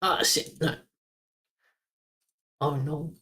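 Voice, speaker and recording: On a live stream, a streamer practises German pronunciation, slowly repeating words again and again, chuckling and letting slip the occasional mild swear. The voice is mid-range and bright, with fairly even intonation and a forceful tone.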